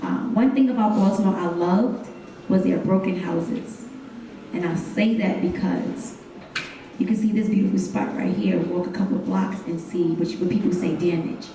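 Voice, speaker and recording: A young woman delivers spoken word poetry with a mellow, warm tone. She speaks in rhythmic repeated refrains, draws the audience into call-and-response, and builds to intense, loud gasps and cries. Her voice sounds distant in a very echoey room. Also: fairly low pitch, normal speed, slight background noise. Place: hotel event stage, live audience.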